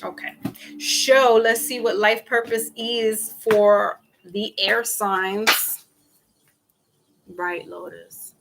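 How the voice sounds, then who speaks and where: A woman's voice: medium pitch, steady tone, extremely slow, creaky, background noise. A woman giving a casual tarot reading to her viewers, chatty and talking to people in the chat by name. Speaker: tarot reader. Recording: music playing behind.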